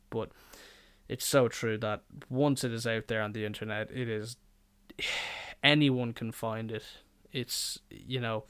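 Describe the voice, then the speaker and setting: A man's voice: medium pitch, clean tone. Rambling, swearing young man. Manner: rambling, profane and jokey. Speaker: podcast host. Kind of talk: casual podcast monologue.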